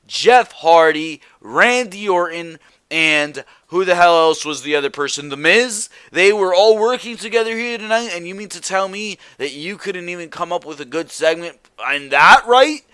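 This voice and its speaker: Male reviewer, exasperated rant, clear resonant tone, higher register. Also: expressive, normal speed, hardly any pauses, sharp tone, no room sound. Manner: exasperated, repetitive rhetorical questions. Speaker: wrestling show reviewer. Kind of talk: ranting solo review.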